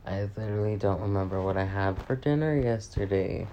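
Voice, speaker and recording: A woman's voice: a bass voice, brisk, muffled recording, background noise. A young woman rambling through a casual confessional vlog, swearing often and mocking herself. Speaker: vlogger.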